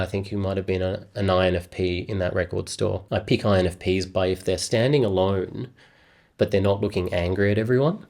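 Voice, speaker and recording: A man's voice: sits low, darkish tone. A man talking to camera in a casual, rambling, self-deprecating vlog. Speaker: YouTuber.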